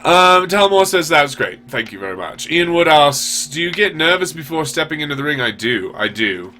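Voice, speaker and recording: A man's voice: a little high, very animated, moderate pace, pushed and bright. A man hosting a show, answering viewer questions in a rambling, profane, self-deprecating way. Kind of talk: casual chat.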